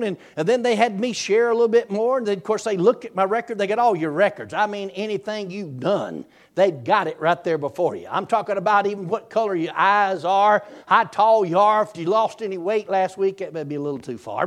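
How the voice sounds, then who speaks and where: High-voiced preacher man, folksy storyteller. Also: lively intonation, fairly quick, hardly any pauses. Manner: folksy and repetitive, stacking up "I said". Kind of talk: sermon told as a personal story.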